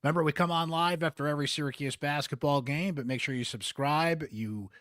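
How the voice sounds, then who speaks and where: A man's voice: a little high, a little fast, fairly bright tone, dry recording. A man with a Central New York accent hosting a postgame sports podcast, chatty and candid with wry asides, close on the mic.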